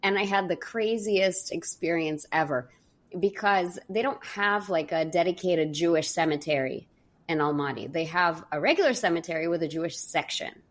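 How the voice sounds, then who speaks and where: A woman hosting a podcast interview, a lively storyteller who acts out the voices in her stories. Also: fairly low pitch, moderate pace. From New York. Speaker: podcast host.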